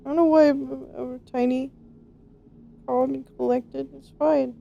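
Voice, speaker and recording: Woman, high voice, slow talker, streamer, dramatic and playfully panicky. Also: fairly even intonation, creaky, dark tone, highs cut off. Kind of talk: casual game-stream chat.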